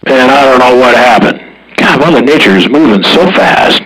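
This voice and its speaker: A husky man in casual radio chatter, his voice swinging up and down with plenty of life. He talks in a drawling, slangy way. He sits back from the microphone, so he sounds a little distant. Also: medium pitch, lively intonation, moderate pace, fairly bright tone. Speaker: CB radio operator.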